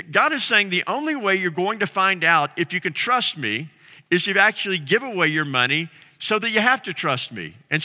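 A male pastor preaching with a very bright, forward tone and a lively, rising and falling pitch. He speaks earnestly and repeats key phrases for emphasis. His voice carries the long reverb of a church hall. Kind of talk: sermon.

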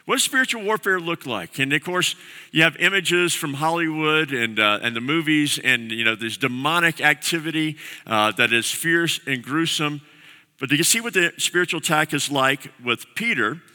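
A man's voice: on the high side, lively intonation, moderate pace, pushed and bright. A man preaching a sermon as pastor, earnest and repeating key phrases for emphasis. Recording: long reverb of a large hall.

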